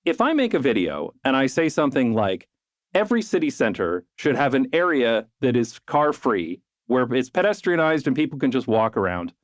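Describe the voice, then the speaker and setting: A man hosting a conversational podcast, casual and animated, swearing and mimicking people to make his point. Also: mid-range voice, normal speed, no echo, clean studio sound. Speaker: podcast host and video creator.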